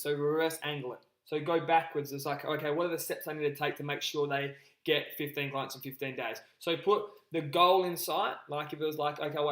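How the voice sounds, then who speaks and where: Energetic man coaching a group call. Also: fairly high pitch, echoey room, rough recording. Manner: energetic, repetitive, keeps addressing listeners as guys. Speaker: business coach.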